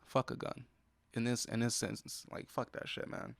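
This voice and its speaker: A man's voice: medium pitch, monotone, moderate pace, vocal fry, dry recording. A young man, hosting a solo podcast and venting in an irritated, profane way about what upsets him. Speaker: podcast host. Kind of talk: solo casual podcast monologue. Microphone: close podcast mic.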